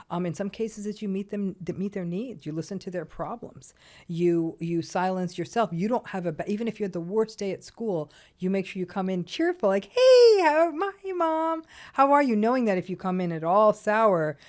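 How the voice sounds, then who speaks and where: Measured lower-voiced woman psychologist. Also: a little mellow. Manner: measured, clinical, explains step by step. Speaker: psychologist guest. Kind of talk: explanatory interview talk.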